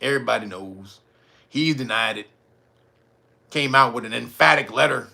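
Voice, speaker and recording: Crude joking guy doing commentary, laughs a lot, bright sharp voice. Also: medium pitch, moderate pace, creaky, long pauses. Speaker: commentary show host. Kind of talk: casual commentary.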